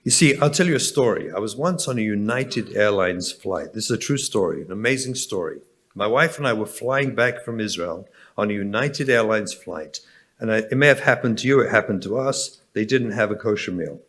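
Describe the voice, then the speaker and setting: A man's voice: lowish voice, expressive, fairly quick, fairly bright tone. An English man, a rabbi, delivering a storytelling keynote address and speaking directly to the audience. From England.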